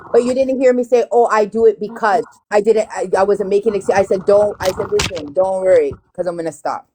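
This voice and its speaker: A woman's voice: medium pitch, fairly quick, few pauses, dark tone, slight background noise. A woman in her thirties hosting a live stream, talking bluntly and profanely as she retells a dispute. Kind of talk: heated casual live chat.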